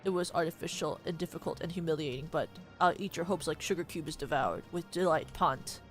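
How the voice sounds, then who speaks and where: A bloated male monster guardian gloats and threatens in pompous, menacing tones, as a woman reads him out. He is a boss in a video game, sure he can crush his small enemy. The voice sits somewhat lower and heavier than a normal speaking voice. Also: fairly quick, faint music behind, lightly acted. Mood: gloating.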